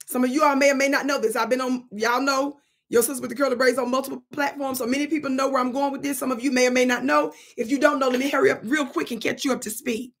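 A woman hosting her own channel, an animated and preachy storyteller who plays with words in a commentary monologue. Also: high-pitched, fast talker. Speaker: channel host.

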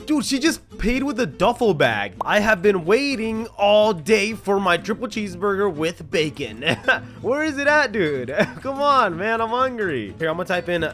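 A man's voice: high-pitched, sing-song, normal speed, pushed and bright, soft background music. A young man hosting a gaming video, chatting casually over his gameplay, laughing often and reading the in-game chat aloud.

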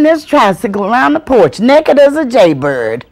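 Gravelly, lively woman storyteller. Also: on the high side, moderate pace, hardly any pauses. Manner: animated, calls out voices, drops to whispers. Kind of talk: family storytelling. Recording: old VHS tape.

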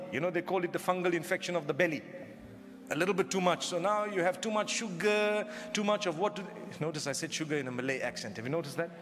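Speaking with a high, slightly bright voice, a preacher gives a conversational Islamic sermon laced with humor and rhetorical questions. The lecture echoes with long hall reverb.

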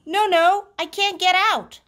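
A woman voicing a timid young boy frog who whines in a high, squeaky voice. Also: steady tone, slow pace, fairly bright tone, exaggerated voice. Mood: anxious.

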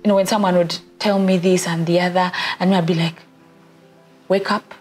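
A woman's voice: lowish voice, level tone, fast talker, darkish tone, soft background music. A woman co-hosting a casual faith chat, speaking in a preacherly way and quoting scripture often.

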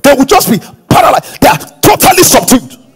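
A middle-aged man preaching a sermon as pastor, telling stories dramatically and moving from hushed asides to shouted exhortations. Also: extremely high pitch, sing-song, a little fast, faint music behind.

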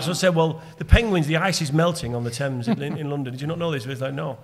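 A man co-hosting a podcast, telling a story in quick, animated casual pub chat. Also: a little high, in a large hall. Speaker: podcast co-host.

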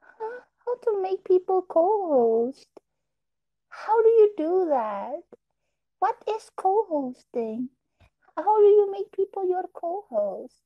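Very high, slow-talking woman. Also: big pitch swings, dull audio. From Indonesia. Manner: confused, giggly, apologetic. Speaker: livestream host. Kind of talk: casual livestream chat.

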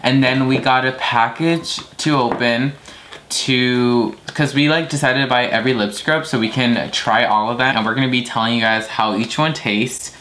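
A man's voice: medium pitch, fairly even intonation, normal speed, bright, forceful tone. A young man chatting casually as host of his own vlog, unfiltered and swearing now and then. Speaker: vlogger. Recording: noisy home video.

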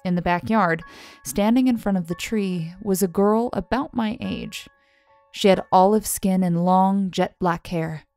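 Woman narrating a horror story. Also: mid-range voice. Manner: measured, softly dropping on tags. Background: soft music.

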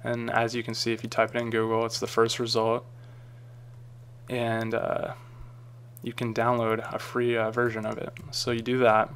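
A man talking through a screen-recorded software tutorial in a casual, rambling way with frequent ums and uhs. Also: medium pitch, completely flat delivery, normal speed, a little hiss or hum. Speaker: tutorial maker.

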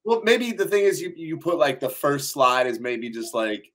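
Joking man with a lively voice. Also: a little high, normal speed. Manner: joking, laughing, animated. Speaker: podcast guest. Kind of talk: casual podcast chat.

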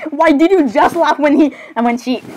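A woman's voice: high-pitched, normal speed, darkish tone, rough recording. A woman performing an improvised comedy skit alone, switching between characters with a hesitant, apologetic, giggly delivery. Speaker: solo skit performer voicing many characters.

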